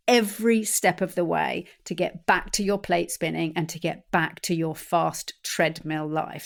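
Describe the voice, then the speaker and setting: A woman hosting a solo podcast, coaching listeners in a calm, deliberate way that often slows and softens. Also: on the low side. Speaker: podcast host. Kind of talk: solo podcast talk on anxiety.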